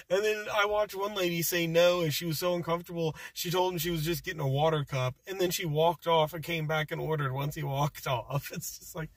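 A man's voice: on the high side, normal speed, no echo. Chatty delivery-driver man in his car. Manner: chatty storytelling, laughs often. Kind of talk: casual vlog narration. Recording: car road noise.

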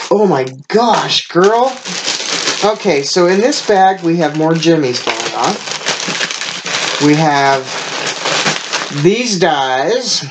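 A woman's voice: low-pitched, a little hiss or hum. A woman unboxing a craft mail package and chatting casually, gushing with frequent exclamations and laughs, sounding tired. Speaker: craft channel host.

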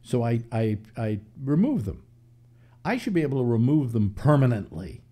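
Old guy in his 70s rambling on a talk show, dark mellow voice, really up and down. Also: mid-range voice, big pitch swings, normal speed. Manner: musing, philosophical, lots of restarts. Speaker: host.

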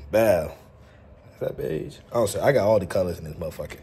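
Young male vlogger, deep-ish and soft-toned, cocky and playful, talks loose street slang to camera. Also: animated, brisk, breathy edge. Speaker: mukbang vlogger. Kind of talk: casual slangy vlog chat. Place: his bedroom lit with colored LED lights.

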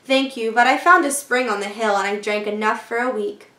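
A woman's voice: on the high side, fairly quick, sharp tone, roomy sound. A woman voicing a friendly, lonely male soldier in a children's storybook reading, with a kindly manner.

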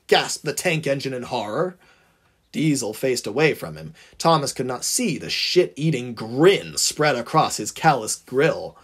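Husky, lively male storyteller. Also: medium pitch, moderate pace. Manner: dramatic, swooping narration. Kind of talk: reading his own fan-fiction story aloud.

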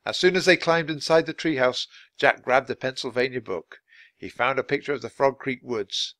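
A man narrating a children's chapter book in a clear, steady reading voice. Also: medium pitch, normal speed, no room sound. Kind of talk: scripted storybook narration.

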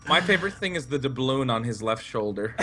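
A man banters loudly while playing a co-op game, his voice swinging widely in pitch. He swears freely. Clear background noise sits under his voice. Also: a little fast. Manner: loud, animated, swearing. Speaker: streamer, co-player. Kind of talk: casual gaming chat.

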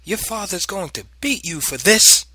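Guy doing a harsh taunting mom, pitched way up, bright edge. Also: moderate pace, no echo. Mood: scolding. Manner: sharp, commanding, taunting. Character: stern, harsh mother scolding her young son.

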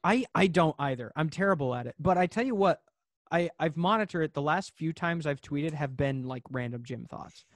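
A young man talks casually as a podcast guest, hesitant and restarting his sentences, with a joking streak. His voice sits slightly high. The sound is close and dry, with no room around it. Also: expressive, moderate pace, no room sound. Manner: hesitant, many restarts, jokey. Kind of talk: casual chat.

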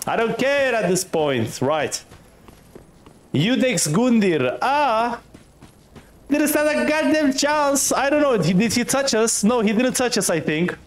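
A man commentating his first play of a game, excitable, laughing often and swearing casually at enemies. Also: extremely high pitch, a little slow. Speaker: gaming streamer.

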